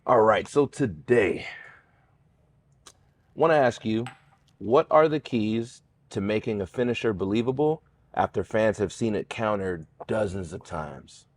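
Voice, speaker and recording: A man's voice: fairly low pitch, expressive, a little slow, no echo. A man co-hosting a podcast, asking direct questions and answering supportively. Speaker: podcast co-host. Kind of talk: interview-style podcast chat.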